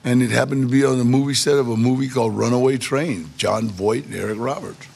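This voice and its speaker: A man telling his life story in a lively, conversational way, acting out the quotes from the people in it. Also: mid-range voice, quick pace. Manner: gravelly, animated storytelling with acted quotes. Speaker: storyteller guest. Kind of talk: personal storytelling.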